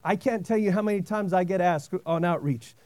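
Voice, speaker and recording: A middle-aged man, a pastor, preaching a sermon and telling a personal story in an animated way, dropping frequent amens. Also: sits high, brisk, no echo.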